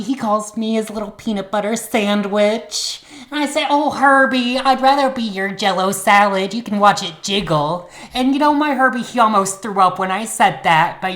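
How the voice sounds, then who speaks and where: A man's voice: sits high, expressive, moderate pace, sharp tone, voice pushed up. A man voicing a prim young Midwest wife with a put-on Midwest accent, gushing and sing-song. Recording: roomy echo.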